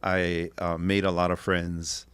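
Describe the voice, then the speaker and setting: A man's voice: low voice, monotone, a little slow, fairly bright tone, smooth, no room sound. A middle-aged man from Kaua'i, talking as a podcast guest in an emphatic, opinionated way. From Kaua'i, Hawaii. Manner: emphatic, opinionated, acts out quotes. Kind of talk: casual interview chat.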